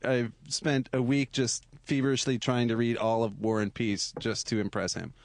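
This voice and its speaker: A man, a comedian guest on a radio show, talking in a halting, low-key, self-deprecating way. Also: flat delivery, creaky. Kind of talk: casual interview chat.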